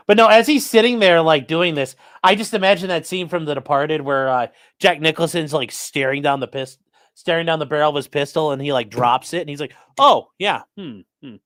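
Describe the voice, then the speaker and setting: Male stream host, mocking and foul-mouthed, fairly high, very animated delivery. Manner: mocking, profane. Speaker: livestream host. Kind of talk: live commentary on court filings. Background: live chat stream.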